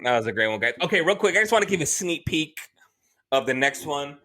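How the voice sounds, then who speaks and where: Bright-voiced joking man. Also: on the high side, big pitch swings, fast. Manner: joking, teasing delivery of one-liners. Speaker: podcast co-host. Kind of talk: casual comedic chat.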